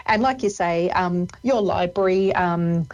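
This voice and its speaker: A woman hosting a radio interview, encouraging her guest and pausing with many ums. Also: lowish voice, darkish tone, muffled recording. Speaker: radio host.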